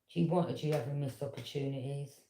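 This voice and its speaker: A woman, telling a personal story in a casual, animated and indignant way, with quick "yeah?" asides. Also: extremely low pitch, a little hiss or hum. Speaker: tarot reader. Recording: echoey room.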